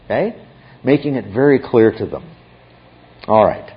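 A man's voice: lowish voice, expressive, moderate pace, pauses often. A man teaching a Bible class, explaining step by step and often checking in with his listeners. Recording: dull lo-fi recording.

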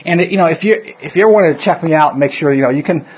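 A man's voice: fairly high pitch, rapid-fire, husky. Rambling man teaching a Bible study. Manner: rambling, self-interrupting, chuckles often. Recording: dull lo-fi room recording.

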